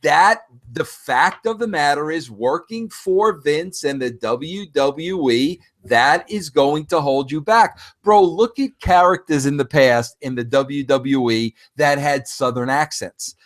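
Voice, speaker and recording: A man's voice: a little high, slow, hardly any pauses. Emphatic New man on a podcast. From New York. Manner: emphatic, blunt, says "bro" constantly. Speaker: podcast co-host. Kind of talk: casual podcast chat.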